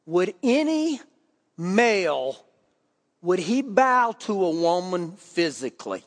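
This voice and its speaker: A high-pitched man preaches a sermon, his voice ringing with a long hall reverb. He reads scripture and then drives his point home with sudden emphatic lifts in pitch. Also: very animated, slow pace. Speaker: pastor.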